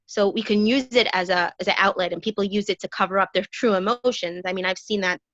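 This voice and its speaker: A woman's voice: mid-range voice, fast talker, a bit bright, dry recording. A middle-aged woman chatting casually as an interview guest, telling a long joke with many fillers and restarts. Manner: jokey storyteller, lots of fillers and restarts. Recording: dull lo-fi call audio.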